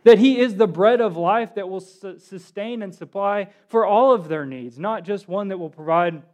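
A man preaching a sermon, animated, asking his listeners questions and acting out the quotes he reads. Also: high-pitched, moderate pace. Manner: animated, asks the congregation questions, acts out quotes.

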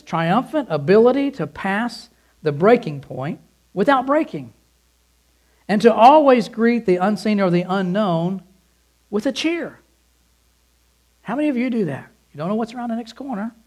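A man preaching a sermon as a pastor, earnest and pleading, swinging between emphatic bursts and soft, quiet asides. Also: high voice, rough recording.

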